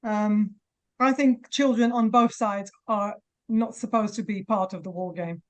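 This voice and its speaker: A woman, a mother of hostages making an emotional, halting appeal at a press conference, near tears. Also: medium pitch, fairly even intonation. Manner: halting, many pauses and restarts.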